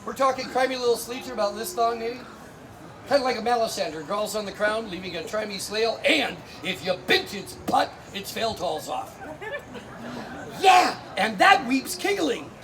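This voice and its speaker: A man's voice: high-pitched, expressive, normal speed. A man telling a comic fairy tale full of spoonerisms on an outdoor fair stage, bantering with the audience. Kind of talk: live comedic storytelling with spoonerisms. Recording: live outdoor show with crowd noise.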